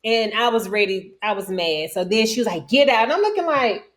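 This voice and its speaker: A woman, a guest telling a story in casual talk, acting out her own quotes with big jumps in voice. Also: fairly quick. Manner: animated, quoting herself with sharp pitch jumps. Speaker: guest, reality TV cast member.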